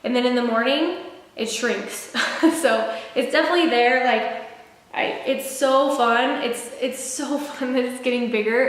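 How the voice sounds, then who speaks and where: Young woman rambling thru a pregnancy vlog, bit breathless, kinda high voice, super echoey room. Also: fairly bright tone, a little hiss or hum. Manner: chatty, rambling, many fillers and restarts. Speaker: vlogger. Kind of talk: casual sit-down pregnancy update. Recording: very echoey room with long reverb.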